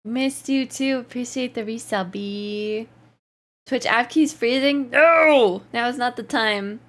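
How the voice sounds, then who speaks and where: A woman's voice: a little high, fairly even intonation, a little slow. A woman livestreamer chatting casually, reading out and answering her chat while often laughing. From Canada.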